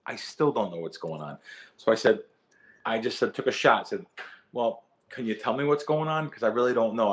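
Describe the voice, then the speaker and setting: A middle-aged man telling his story as a guest in a podcast interview, animated and repeating words as he gets going. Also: fairly low pitch. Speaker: guest, sports bettor.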